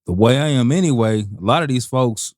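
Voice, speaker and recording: A man's voice: medium pitch, animated, a little fast, darkish tone, dry recording, clean studio sound. A man co-hosting a casual comedy podcast, adding short, laid-back remarks. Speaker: podcast co-host.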